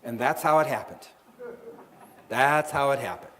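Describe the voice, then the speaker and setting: A man's voice: medium pitch, unhurried, a bit bright. A middle-aged man, an author and seminar speaker, telling a story to a live audience and acting out the voices in it. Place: event hall with an audience.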